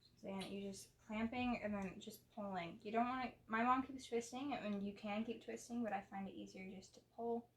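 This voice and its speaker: A woman's voice: medium pitch, steady tone, brisk, a little hiss or hum. A young woman giving a casual live hair-styling tutorial, talking through each step in a chatty way with lots of likes and restarts. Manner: chatty, explains steps with many likes and restarts. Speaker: hair stylist demonstrating on a model.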